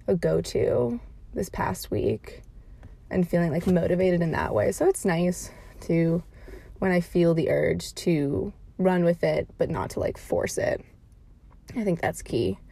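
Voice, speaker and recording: A woman's voice: lowish voice, lively intonation, measured pace, gravelly, warm tone, slightly rough. A young woman recording a casual audio diary from her parked car, rambling and filling her talk with "like". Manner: rambling, heavy use of filler "like".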